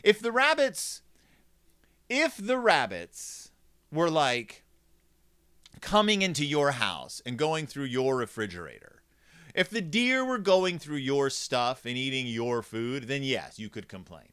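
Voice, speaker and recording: A man's voice: medium pitch, sing-song, slow, fairly bright tone, clean tone. A man hosting a comedic review of a children's book, talking in a snarky, rambling way.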